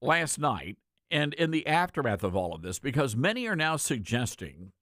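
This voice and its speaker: A male host delivers an emphatic political commentary monologue in a conversational tone, leaning on repeated words for stress. His pitch moves freely and expressively. The sound is dry and close, with no room around it. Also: sing-song, moderate pace, a bit bright, no echo. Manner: conversational, addresses listeners directly. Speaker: talk show host.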